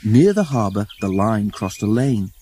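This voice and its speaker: A man narrating a children's railway story in a measured, expressive reading voice. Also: on the low side, slightly rough. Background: music.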